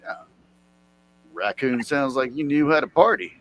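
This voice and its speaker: A man's voice: mid-range voice, animated, unhurried. A man from Mississippi, sarcastically commenting on a news clip and mocking the people in it. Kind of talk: comedic reaction commentary.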